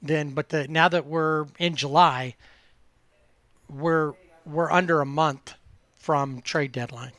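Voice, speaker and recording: Man, podcast co-host, casual rambling chat, slightly high voice, dry close sound. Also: steady tone, takes it slowly, a bit bright, no room sound. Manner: rambling, many fillers and restarts.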